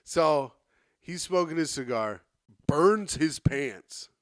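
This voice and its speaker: A man's voice: a little high, expressive, slow pace, no room sound, studio quality. A man co-hosting a comedy podcast, telling a long, rambling story and acting out the other people in it. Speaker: podcast co-host. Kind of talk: casual comedy podcast chat.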